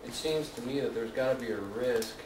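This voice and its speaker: Low voice guy asking a question, kinda stumbly, far off in a roomy hall w noise. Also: a little fast, darkish tone. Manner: hesitant, repeats words while asking. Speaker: student in the audience. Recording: distant and roomy with background noise.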